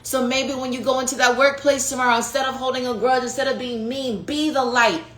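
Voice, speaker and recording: A woman preaching a prophetic teaching on her podcast, in a passionate, conversational way that swings from hushed to loud, calling listeners "baby" and "y'all". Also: high-pitched, steady tone, brisk. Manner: passionate, conversational preaching with sudden rises and drops. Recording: echoey room with faint noise.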